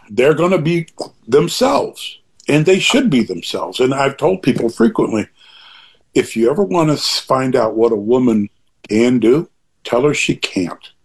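An older man with a husky, slightly breathy voice speaks as an interview guest. He talks in an earnest, rambling way, circling back and restarting his sentences. His pitch sits in an ordinary middle range. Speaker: author guest being interviewed. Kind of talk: reflective interview talk.

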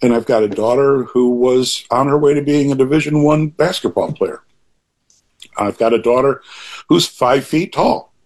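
An older man with a husky, slightly breathy voice speaks as an interview guest. He talks in an earnest, rambling way, circling back and restarting his sentences. His pitch sits in an ordinary middle range. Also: normal speed, darkish tone. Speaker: author guest being interviewed. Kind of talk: reflective interview talk.

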